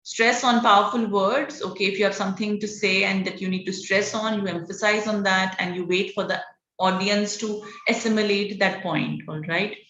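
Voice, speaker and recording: A woman running an online public speaking class, encouraging and energetic, with frequent "okay" and "all right" between points. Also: medium pitch, normal speed. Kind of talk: online training session. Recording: dull roomy lo-fi online call audio.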